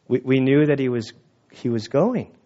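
A male pastor speaks with a warm, medium-pitched voice and lively intonation at normal speed, with the highs cut off. He preaches a sermon at an outdoor church gathering, telling conversational stories that get emotional at times.

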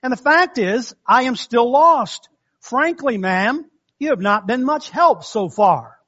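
A man's voice: very high voice, animated, slow, bright, forceful tone, lo-fi sound, full character voice. A man doing a lost, grumbling balloonist. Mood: complaining. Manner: read-aloud joke voice, complaining.

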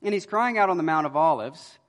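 A man preaching a sermon as pastor, earnest, swelling loud on key words and then dropping to a hush. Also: fairly high pitch, animated, a little fast. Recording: long hall reverb.

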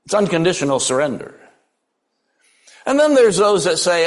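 Older man, pastor, sermon, folksy storytelling, dry humor, slightly high-pitched. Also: big pitch swings, moderate pace, long pauses.

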